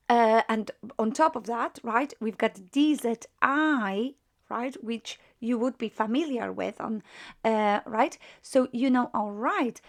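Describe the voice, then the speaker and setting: A woman with a Polish accent teaching a grammar lesson, patiently walking through verb forms and checking in with "right?" after each step. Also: fairly high pitch. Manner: patient, repeats "right?" after each point, many fillers.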